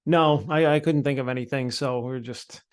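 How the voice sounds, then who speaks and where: Man, co-host, casual chat, joking, stammering restarts, middle pitch. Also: moderate pace. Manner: joking, hesitant restarts, laughs often. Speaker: podcast co-host.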